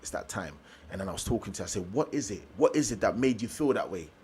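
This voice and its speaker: A man's voice: fairly low pitch, very fast, a little hiss or hum. A young man from Germany, a motivational speaker telling his story in a casual interview, acting out the voices of people he quotes. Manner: animated storyteller, acts out quoted dialogue.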